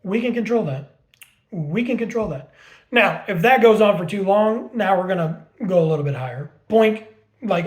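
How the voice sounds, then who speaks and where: A man's voice: high voice, animated, moderate pace, darkish tone. A man working as a dog trainer, talking casually and bluntly, swearing freely and explaining with homemade everyday comparisons while repeating words for emphasis. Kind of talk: casual teaching talk.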